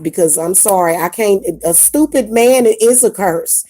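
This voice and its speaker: Blunt, indignant woman with a mellow voice. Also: medium pitch, animated, measured pace. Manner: blunt, indignant, repeats herself. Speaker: spiritual advice vlogger. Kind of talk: casual ranting monologue to camera.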